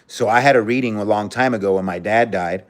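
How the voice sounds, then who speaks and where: A man chatting on a casual livestream with a fairly low voice. He talks bluntly and frankly, swears freely, and comes across as earnest and emotional. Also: brisk. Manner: blunt, outspoken, cursing freely. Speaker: livestream host. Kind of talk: casual livestream chat, reading viewer comments.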